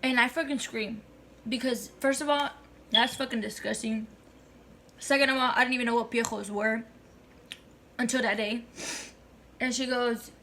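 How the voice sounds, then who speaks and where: Creaky-voiced young woman telling a story. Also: on the high side, moderate pace, long pauses, bright, forceful tone, slight background noise. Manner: chatty, profane, slangy. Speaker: vlogger. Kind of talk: casual storytime vlog.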